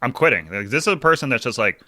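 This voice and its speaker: A man's voice: medium pitch, very fast, no echo, studio quality. A man co-hosting a casual book-club podcast, ranting with lots of swearing. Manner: animated, profane ranting. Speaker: podcast co-host.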